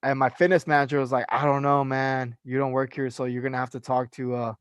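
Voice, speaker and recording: A young man on a casual podcast tells a rambling story, full of fillers and swearing. He sounds like a personal trainer catching up with a friend, with a dry, close recording. His pitch sits in the middle range. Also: brisk, smooth, dry recording. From California. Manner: animated storyteller, profane, many fillers.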